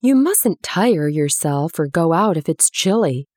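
A woman's voice: sits low, animated, unhurried, darkish tone, dry recording, studio quality. A woman reading a storybook, voicing a fussy middle-aged male doctor with a bustling, worried manner.

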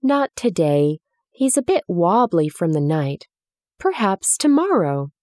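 A woman voicing an earnest, slightly bossy young girl who speaks in a brisk, confiding way. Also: on the low side, big pitch swings, darkish tone, no room sound, studio quality. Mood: sensible.

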